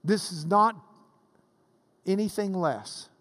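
A man, preaching to a class. His voice sits fairly high for a man. He moves between relaxed, joking storytelling and rising bursts of fervor. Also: takes it slowly. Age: 50s. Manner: storytelling with swells of rising intensity. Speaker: pastor. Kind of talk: sermon.

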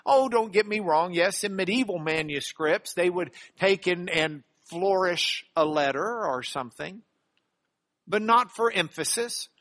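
A middle-aged man teaching a Bible class in a lively lecture style, animated and jokey, with playful asides. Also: sits high, a little slow.

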